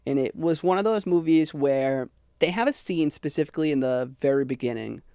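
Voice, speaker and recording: A young man talking about favorite films in a loose, rambling way, full of ums and likes. His voice sits a little high for a man and lands very dry and close on the mic, with no room sound at all. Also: animated, a little fast, vocal fry, warm tone, smooth, dry recording. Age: young adult. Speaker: podcast guest. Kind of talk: casual chat.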